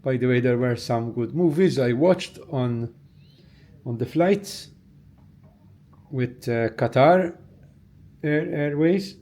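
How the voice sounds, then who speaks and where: A man with a Maltese accent, a travel vlogger who gives a relaxed, chatty tour of his hotel room and thinks aloud with small fillers, recorded on a handheld camera. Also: mid-range voice, slow pace, pauses often. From Malta. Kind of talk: casual vlog room tour.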